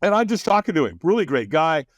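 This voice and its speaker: A man telling stories as a guest on a podcast, animated and quick to laugh, often acting out what others said. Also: fairly high pitch, no room sound, studio quality. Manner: animated, acts out quoted voices, laughs often. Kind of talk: casual interview storytelling.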